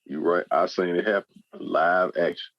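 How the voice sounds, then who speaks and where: Deep-voiced podcast co-host man, dry sound. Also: moderate pace, dry recording, dull audio. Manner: playful banter, imitates slang greetings. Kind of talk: casual chat.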